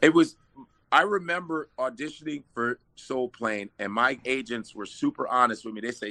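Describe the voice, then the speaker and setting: A man, an actor being interviewed, chatting casually and telling lively stories with laughs. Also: medium pitch, moderate pace. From Nigerian parents. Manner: animated storyteller, laughs often. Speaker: actor guest.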